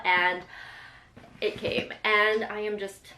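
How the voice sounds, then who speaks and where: A young woman talks through an unboxing in a gushing, chatty way, with fillers and moments where she sounds close to tears. Her voice sits at an ordinary pitch for a woman. The room is echoey, with a faint hum of ambience behind her. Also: fairly even intonation, measured pace. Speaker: lifestyle vlogger. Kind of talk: excited unboxing chat.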